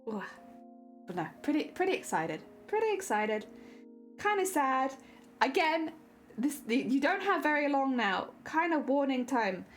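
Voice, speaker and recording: Young woman streamer, high voice, very animated pitch, casual chat, faint music behind. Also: a little slow. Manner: chatty, laughs often, trails off and restarts.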